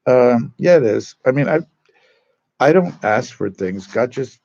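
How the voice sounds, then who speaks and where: Chatty, gravelly-voiced priest. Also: male voice, mid-range voice, lively intonation, unhurried, darkish tone, muffled recording. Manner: chatty and digressive, full of asides. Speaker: Catholic priest. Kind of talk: casual storytelling talk to a parish group. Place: church.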